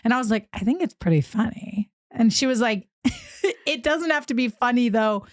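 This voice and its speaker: A young woman co-hosting a podcast, telling a story in a lively way, acting out the quotes and laughing often. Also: a little high, normal speed, no room sound, clean studio sound. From New York. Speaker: podcast co-host. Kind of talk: casual storytelling chat.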